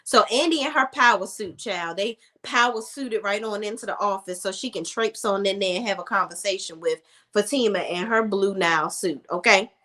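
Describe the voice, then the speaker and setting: Bright-voiced sassy woman recapping TV. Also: medium pitch, normal speed. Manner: sassy, emphatic, repeats for emphasis. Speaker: TV show reviewer. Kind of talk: casual recap commentary.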